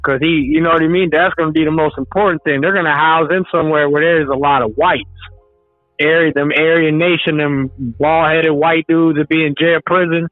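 Male caller on a phone line, steady explainer, faint music underneath. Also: fairly high pitch, fairly quick, no echo. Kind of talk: casual talk show chat.

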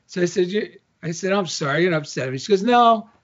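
A man's voice: sits high, animated, quick pace, a bit bright. A middle-aged man co-hosting a casual spiritual podcast, telling a story animatedly and acting out the dialogue. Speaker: co-host. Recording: dull lo-fi sound.

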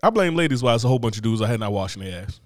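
A man's voice: medium pitch, very fast, no echo, studio quality. A man co-hosting a podcast in loose, profane comic chat, often acting out other people's voices. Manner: animated, profane, acts out voices. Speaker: podcast co-host. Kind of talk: casual comedic chat. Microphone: studio mic, close.

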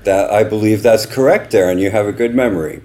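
American man with a low voice, reflective. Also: a little mellow. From United States, raised in Paris from age twelve. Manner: measured, reflective explanations with some filler ums. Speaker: guest, marketing company chief executive. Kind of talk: conversational interview.

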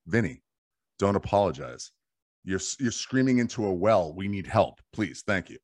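A man's voice: fairly low pitch, expressive, normal speed. A man hosting a casual sports podcast, reading listener emails with wry banter. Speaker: podcast host.

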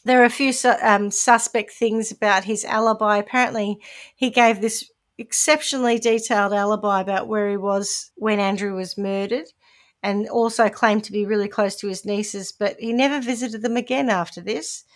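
A woman's voice: medium pitch, steady tone, moderate pace. A woman with a New Zealand accent, co-hosting a podcast and telling a true-crime story in a chatty, wry way. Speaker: podcast co-host presenting the case. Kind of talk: casual chat.

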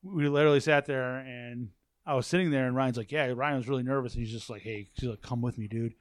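Chatty male guest, mid-pitched, rambling and profane; dry room sound. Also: quick pace, no echo. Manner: rambling storyteller, swears, repeats himself. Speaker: podcast guest, warehouse manager. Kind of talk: casual chat. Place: office at a work facility.

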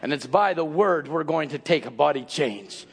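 A man preaching a fiery sermon, calling out to his congregation and often rising into shouted exhortation. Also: on the high side, lively intonation, moderate pace, creaky, slightly rough.

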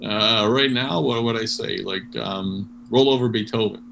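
A man telling a story in an interview, animated and full of restarts and fillers. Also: fairly low pitch, unhurried, gravelly. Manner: animated, many restarts, laughs while telling. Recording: noisy background hum.

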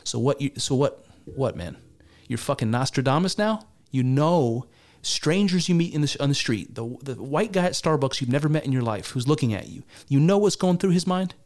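A man's voice: mid-range voice, expressive, normal speed, a little mellow. A man giving sarcastic, exasperated and profane reaction commentary on a debate. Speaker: political commentator.

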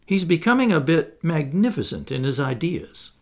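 A man reading the part of a thoughtful young clergyman in a play, measured and guarded. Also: fairly high pitch, animated, voice pushed up.

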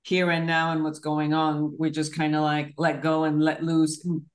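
A woman's voice: low voice, completely flat delivery, normal speed. A woman hosting a podcast interview, a therapist, talking in a reflective way with searching phrasing and you-know fillers. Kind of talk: conversational interview.

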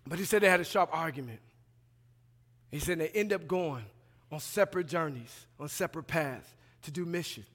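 A man in his thirties preaching a sermon as a pastoral resident, swinging between loud emphatic passages and quiet asides, colloquial and acting out dialogue. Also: fairly high pitch, moderate pace. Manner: colloquial, plays out dialogue in voices. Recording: long hall reverb.

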